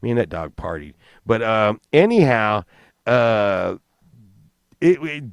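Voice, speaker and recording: A man's voice: lowish voice, sing-song, slow, gravelly, no room sound, studio quality. A man telling a crude comic story in a rambling, profane, casual way, laughing along. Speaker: podcast host.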